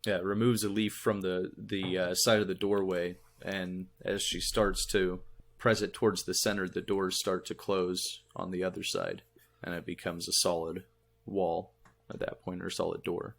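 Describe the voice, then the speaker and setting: A man narrating a tabletop game as game master, describing scenes in an unhurried way. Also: low-pitched, flat delivery, creaky, a bit bright.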